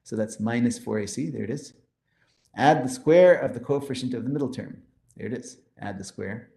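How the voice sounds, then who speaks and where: A man lecturing on mathematics in a mellow, darker voice. He explains each step with enthusiasm and walks through formulas. The sound is roomy, with a noticeable echo. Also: medium pitch, normal speed, vocal fry. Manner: explanatory, enthusiastic, pointing to slides. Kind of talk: math lecture.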